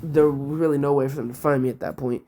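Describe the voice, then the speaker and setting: Young dude rambling thru a storytime, swears a lot, says like constantly. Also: male voice, medium pitch, fairly even intonation, fast, dark tone. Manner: profane, rambling, heavy use of "like". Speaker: vlogger. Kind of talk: casual storytime.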